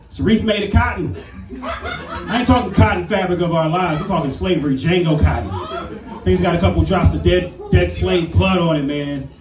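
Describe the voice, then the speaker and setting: A man in his thirties doing a brash, animated stand-up comedy set on a club stage. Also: high voice, normal speed, a crowd in the background. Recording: roomy club sound from a distance. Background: audience laughter.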